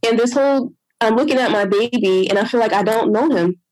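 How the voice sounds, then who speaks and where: A woman's voice: on the high side, a little fast, darkish tone, no room sound, low-quality recording. Woman sharing her story, dry and close. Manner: emotional, acts out others' lines in her retelling. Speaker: guest sharing a birth story. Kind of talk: personal storytelling in a conversation.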